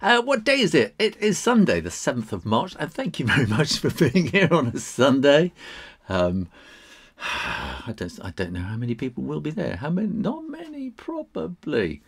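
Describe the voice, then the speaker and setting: Male host for a casual live drawing tutorial; lively, wide-ranging delivery, rambles and laughs lightly. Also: on the high side, moderate pace, gravelly, slightly rough. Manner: chatty and rambling, with self-interruptions; laughs lightly while talking. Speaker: illustrator drawing live for viewers.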